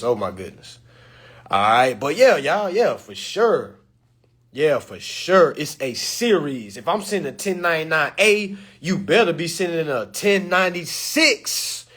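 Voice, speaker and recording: Brief: male creator, husky voice sitting a bit high, casual slangy talk to a phone camera. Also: normal speed. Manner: loose slangy delivery, swings from loud and animated to low and quiet. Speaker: social media creator. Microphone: phone or camera mic.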